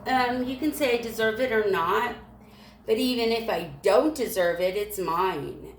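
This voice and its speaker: Woman vlogger, gravelly voice, rambling and irritated, echoey room on a phone. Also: mid-range voice, recorded from a distance, a little hiss or hum. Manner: rambling, emotional, irritated, halting restarts. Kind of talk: rambling spiritual monologue. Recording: echoey room with faint ambience.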